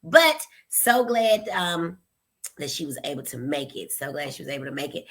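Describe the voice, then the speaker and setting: A woman's voice: low voice, big pitch swings, normal speed, fairly bright tone. A woman hosting a casual live stream, chatty and playful, greeting viewers by name and calling them y'all and honey. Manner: greets viewers by name, teasing, laughs at herself. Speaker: host, psychiatrist and pediatrician.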